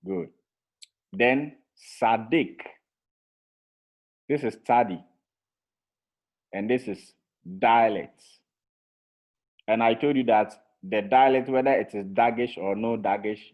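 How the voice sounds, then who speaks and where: A male teacher leads an online class, drilling words at a slow, deliberate pace and repeating each one patiently. His voice sits a little low. It comes through a thin, phone-like call line. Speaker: Hebrew teacher. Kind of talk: online language lesson. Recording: tinny phone-like call audio.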